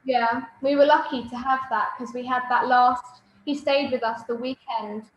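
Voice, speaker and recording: A woman's voice: a little high, steady tone, moderate pace, lo-fi sound, a little hiss or hum. A young woman, fondly sharing memories of her grandfather in a casual chat. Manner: gentle, fond storytelling. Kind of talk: casual reminiscing. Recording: echoey room.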